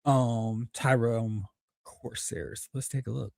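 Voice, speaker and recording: A man's voice: mid-range voice, fairly even intonation, takes it slowly, creaky, a little mellow, no room sound, clean studio sound. A man hosting a live stream, chatting casually, thinking aloud and reading out viewer comments. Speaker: host.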